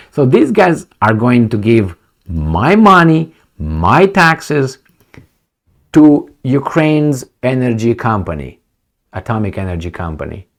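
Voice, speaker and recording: A middle-aged man reads news aloud and rants about it, sarcastic and indignant, going from loud outbursts to muttered asides. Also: medium pitch, sing-song, slow pace. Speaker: political commentary vlogger. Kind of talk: reading news and ranting.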